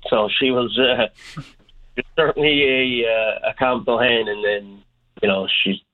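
A man with a fairly low voice comes through a tinny phone line, talking haltingly. He keeps restarting his sentences, with plenty of fillers, as a coach being interviewed. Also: steady tone. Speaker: hockey coach.

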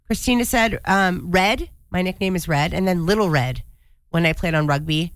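A woman's voice: fairly low pitch, normal speed, no echo. A woman co-hosting a radio show in casual chat, upbeat and chatty as she reads out listener texts.

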